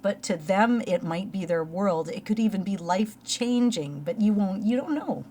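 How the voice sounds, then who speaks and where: A woman's voice: medium pitch, animated, normal speed, mellow, a little hiss or hum. A middle-aged woman with a Canadian accent, co-hosting a casual chat and telling stories with frequent laughs. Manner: chatty, laughs often, storytelling. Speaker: podcast co-host.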